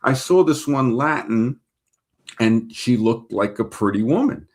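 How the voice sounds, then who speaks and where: A man's voice: medium pitch, lively intonation, a little slow. A man from New York with a New York accent, hosting a casual livestream, reading viewer comments and telling rambling anecdotes full of fillers. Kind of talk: casual livestream chat and storytelling.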